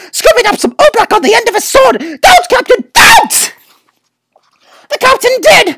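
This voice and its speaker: Brief: woman storybook reader, gravelly, animated delivery. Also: very high-pitched, dry recording. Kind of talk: reading a picture book aloud.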